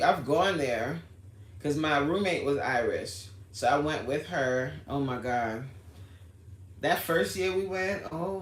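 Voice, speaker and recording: A woman hosting a casual livestream, chatting with viewers by name and launching into a story. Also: low voice. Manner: chatty, answers the live chat by name, storytelling. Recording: roomy echo, faint background noise.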